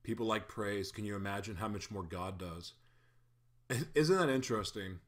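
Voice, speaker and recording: A man's voice: on the low side, normal speed. A man in a casual spoken faith reflection, candid and self-deprecating, who chuckles often and stumbles over his words.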